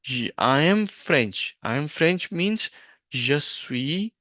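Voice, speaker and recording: A man teaching a French grammar lesson from a worksheet, slow and stop-start, often correcting himself, on a dull lo-fi recording. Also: fairly high pitch, expressive, pushed and bright, no room sound.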